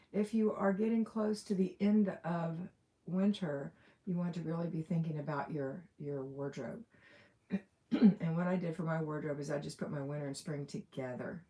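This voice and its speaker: Her voice sits low with a dark tone. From a room at home with an open window, the Alabama-accented woman hosts a laid-back live Q&A, chattily reading viewer comments out loud and letting out the occasional laugh.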